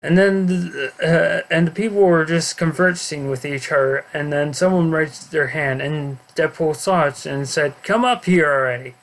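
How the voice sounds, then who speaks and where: A man narrating his own story over gameplay, halting and stumbling over words. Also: fairly high pitch, fairly even intonation, creaky.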